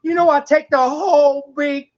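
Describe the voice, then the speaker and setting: A woman's voice: high voice, steady tone, moderate pace, a little mellow, highs cut off, natural voice. A woman voicing a brash, flirty female pig in a wig in a game role-play, clingy and calling everyone daddy. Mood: teasing.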